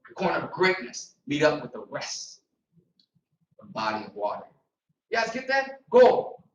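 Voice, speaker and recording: A man giving an energetic, repetitive motivational seminar talk to a group in a meeting room. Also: fairly high pitch, normal speed, slight background noise. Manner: energetic, repetitive, preacher-like emphasis. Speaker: motivational trainer. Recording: echoey room, distant mic.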